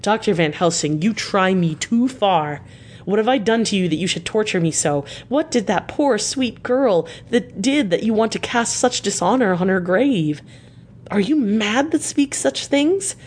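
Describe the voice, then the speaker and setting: A woman's voice: lowish voice, lively intonation, drawn-out words, breathy edge, heavily acted. Arthur, a woman reading an outraged young nobleman. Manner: agitated, indignant outbursts. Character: young nobleman, proud and passionate, easily outraged. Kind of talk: audiobook character reading.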